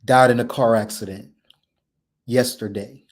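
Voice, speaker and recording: A man's voice: mid-range voice, fairly even intonation, measured pace. A man telling a personal story as a podcast host, emphatic and repetitive, acting out the dialogue he quotes.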